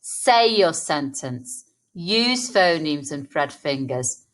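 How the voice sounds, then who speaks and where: An English woman teaching a phonics lesson to young children, sounding out words slowly and encouragingly. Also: low-pitched, expressive. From England. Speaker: primary school teacher.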